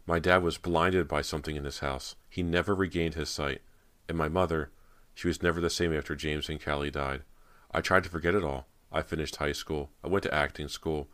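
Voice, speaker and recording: A man's voice: a bass voice, fairly even intonation, brisk, fairly bright tone. A man voicing a nervous, haunted teenage girl actress, speaking with emotion and a tremble. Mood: anxious.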